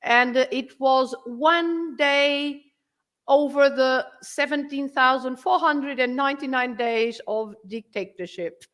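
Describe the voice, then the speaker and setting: A woman's voice: high-pitched, steady tone, takes it slowly, a bit bright. A Portuguese woman with a Portuguese accent, a teacher and guest, chatting casually in English with many fillers and laughs. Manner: giggly, hesitant, with frequent fillers. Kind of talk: casual chat.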